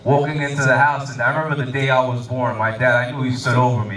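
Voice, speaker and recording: A male stand-up comedian telling animated stories, swearing freely and laughing at his own lines. His voice sits in a middle range. The sound is roomy and distant with faint noise behind. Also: mid-range voice, quick pace, crowd noise. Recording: roomy live venue, mic from a distance.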